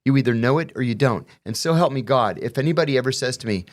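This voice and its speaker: A man's voice: medium pitch, animated, fast. A middle-aged man, a former intelligence officer, talking in a casual conversation with emphatic, wry asides.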